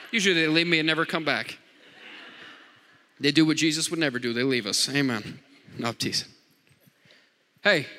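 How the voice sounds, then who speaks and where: A man's voice: fairly high pitch, sharp tone. A man preaching a sermon, joking with the congregation and repeating lines with frequent amens. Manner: jokey, call-and-response preaching with repeated amens. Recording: long hall reverb.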